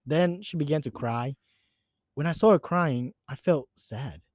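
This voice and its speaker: A man's voice: fairly high pitch, unhurried, darkish tone, dry recording. Male horror-story narrator, earnest and emphatic, dry close recording.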